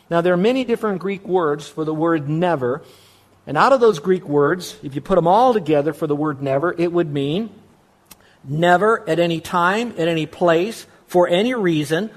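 A male pastor preaches in a voice set a little higher than most men's. He drives his points home with repetition. He poses questions and then answers them himself. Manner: emphatic, repeats key words, asks and answers his own questions. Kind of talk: sermon.

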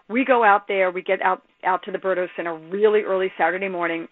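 Animated woman on a tinny phone line. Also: mid-range voice, quick pace, hardly any pauses, dry recording. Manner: animated storyteller, lively and emphatic. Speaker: sports journalist guest. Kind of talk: phone-in radio interview.

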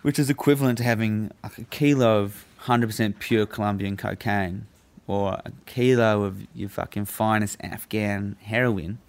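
Laid-back guy, low and gravelly. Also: moderate pace, hardly any pauses. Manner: laid-back, swears often, laughs through his story. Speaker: guest telling a story. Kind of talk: casual storytelling chat.

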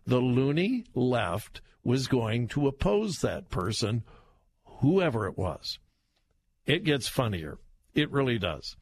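Slow, mocking male talk radio host. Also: medium pitch, sing-song, breathy edge. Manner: mocking, laughs while talking, drawn-out emphatic delivery. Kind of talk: political talk radio commentary. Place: radio studio. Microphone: studio microphone.

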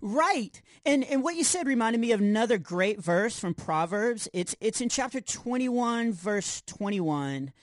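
Goofy overconfident boy hero, adult-voiced, boastful, lively pitch, dry close mic. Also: unhurried, few pauses, no room sound, lightly acted. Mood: cheerful. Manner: boastful, self-deprecating jokes. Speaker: co-host. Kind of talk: scripted kids' podcast comedy. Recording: dry close studio sound.

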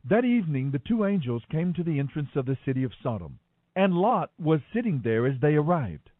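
A man giving an expressive, dramatic scripture reading. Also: fairly high pitch, a little fast, no echo. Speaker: Bible reader. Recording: tinny phone-like dry sound.

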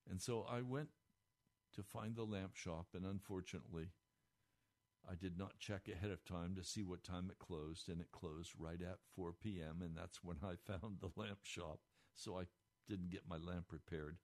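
Man, radio preacher, fervent devotional talk, lowish voice. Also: steady tone, normal speed, darkish tone. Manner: fervent, rising pitch with emotion. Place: radio studio.

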